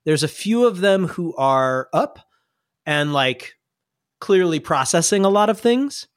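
A man with a somewhat high voice narrating a tabletop game as game master. He rambles in a relaxed way, filling pauses as he describes scenes. The sound is dry and close. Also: dry recording.

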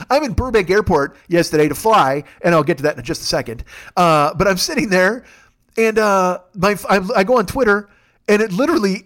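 High-voiced, profane, excitable man ranting. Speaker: podcast host. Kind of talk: comedic sports rant.

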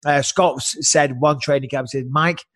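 A man's voice: medium pitch, moderate pace, dry recording. A man co-hosting a podcast, telling profane stories in casual chat. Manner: profane, animated storyteller. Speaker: podcast co-host.

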